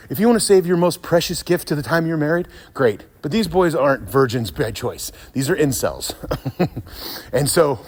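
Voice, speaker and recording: A man ranting in a sarcastic, profane commentary monologue, laughing often. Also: a little high. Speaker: YouTube commentator.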